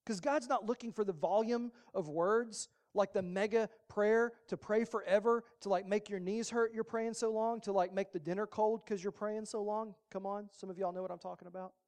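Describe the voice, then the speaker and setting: A male pastor giving a sermon in a relaxed, conversational way, slipping in humorous asides. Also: high voice, normal speed, hardly any pauses.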